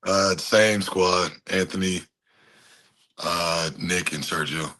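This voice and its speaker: A man's voice: sits low, steady tone, slow pace, pushed and bright. A man in his thirties, a fighter giving a casual interview, laid-back, laughing often and swearing casually. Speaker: fighter guest.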